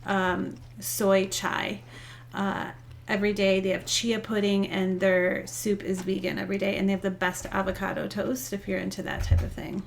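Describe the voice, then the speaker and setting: A woman in her forties, a yoga teacher, chatting casually over lunch in a relaxed, thoughtful way. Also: medium pitch, moderate pace, vocal fry, slight background noise. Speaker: guest, yoga instructor. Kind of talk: casual chat while eating. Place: indoors, eating lunch.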